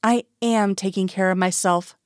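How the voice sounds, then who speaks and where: A woman's voice: mid-range voice, steady tone, normal speed, clean tone, no room sound, close to an everyday voice. Scully, tired sick doctor, short guarded answers, dry close sound, a woman reading her. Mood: weary. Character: weary, stubborn woman doctor, seriously ill.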